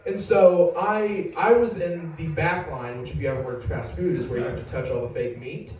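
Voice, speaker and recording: A man's voice: a little high, moderate pace, muffled recording, a little hiss or hum. A young adult man doing stand-up comedy, telling a rambling, profane, self-mocking story to a live audience. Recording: echoey room from far off.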